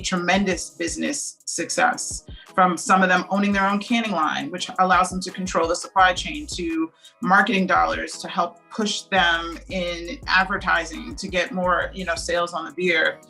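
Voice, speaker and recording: A woman's voice: lowish voice, gravelly, rough recording. A woman co-founder of a beer brand, talking candidly in a casual interview. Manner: candid, animated storytelling. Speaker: brewery co-founder.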